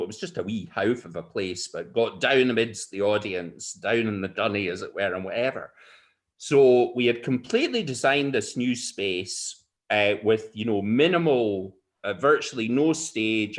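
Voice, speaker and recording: An older Scottish man telling stories and anecdotes as an interview guest, lively and expressive. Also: fairly low pitch. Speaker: storyteller guest. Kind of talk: animated anecdotal storytelling.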